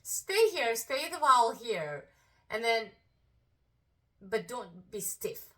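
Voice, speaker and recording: A female vocal coach giving a singing lesson, explaining slowly in casual speech and breaking into sung phrases to demonstrate. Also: on the high side, animated, bright, forceful tone, distant mic. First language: Korean.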